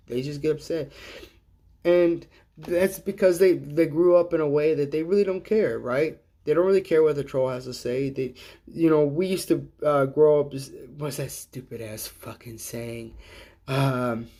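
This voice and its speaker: A man's voice: fairly high pitch, normal speed, warm tone. A middle-aged man hosting a casual livestream, talking in a rambling, profane way and chuckling at his own jokes. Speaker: livestream host.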